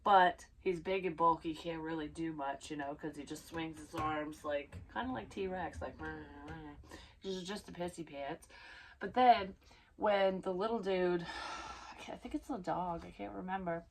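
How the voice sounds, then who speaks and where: A woman's voice: fairly low pitch, normal speed, slight background noise. A woman giving a casual tarot reading, rambling and blunt, swearing freely as she goes. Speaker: psychic tarot reader.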